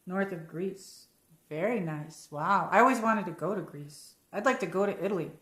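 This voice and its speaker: A woman's voice: lowish voice, moderate pace, a bit bright. Chatty American woman in an echoey room. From United States. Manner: rambling, chatty, reads out viewer comments. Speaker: livestream host. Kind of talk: casual live-chat hangout.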